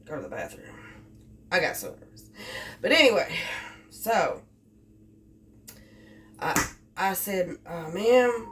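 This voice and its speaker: This delivery driver has a fairly low, slightly bright voice with a sing-song lilt, moving slowly and leaving long pauses. In her casual storytelling vlog she wanders through a tale about her work and keeps repeating herself. Faint background noise comes through a distant mic.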